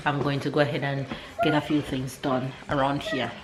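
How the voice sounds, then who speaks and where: A woman's voice: a bass voice, level tone, normal speed, very noisy. A Jamaican woman in her thirties, chatting casually to camera at home as a family vlogger, a little scattered, with Jamaican English grammar. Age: 30s. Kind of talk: casual vlog chat to camera.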